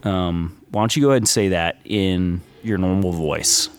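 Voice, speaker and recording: A man's voice: low voice, moderate pace, clean tone. A man co-hosting a casual podcast, speaking hesitantly with many fillers and nervous laughs. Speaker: podcast co-host.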